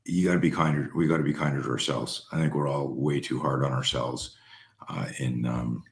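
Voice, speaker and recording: A man's voice: very deep voice, fairly even intonation, fairly quick, vocal fry. A middle-aged man hosting a casual interview, rambling with restarts and swearing freely. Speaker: host.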